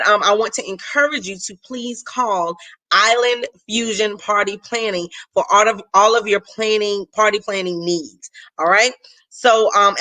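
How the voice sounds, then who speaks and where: A woman's voice: medium pitch, pushed and bright. A woman hosting a faith-based live stream, chatting casually with viewers and greeting them by name.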